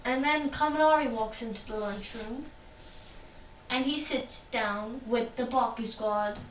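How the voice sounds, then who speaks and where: A woman's voice: on the high side, unhurried. A woman casually narrating a fan story role-play, chatty and rambling. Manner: rambling, chatty, laughs often. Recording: echoey room, distant mic, faint noise.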